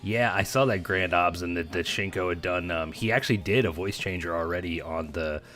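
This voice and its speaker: A man hosting a casual reaction commentary, loud and mocking as he trash-talks. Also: deep voice, brisk, soft background music. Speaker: commentary show host.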